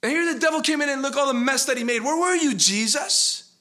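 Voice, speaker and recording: A male preacher voicing an exhausted man who pleads with and shouts at Jesus in a parable. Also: medium pitch, animated, moderate pace. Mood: frustrated shouting.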